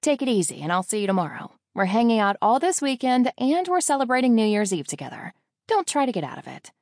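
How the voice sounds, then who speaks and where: A bubbly best friend gushes and teases in a bright, raised voice, as a woman narrator puts her on. She sounds louder and more eager than the storyteller's own tone, with a slight gravelly edge. The audiobook sound is dry and close. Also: medium pitch, sing-song, moderate pace, no room sound. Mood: excited. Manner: loud, gushing, teasing. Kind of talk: audiobook character voice.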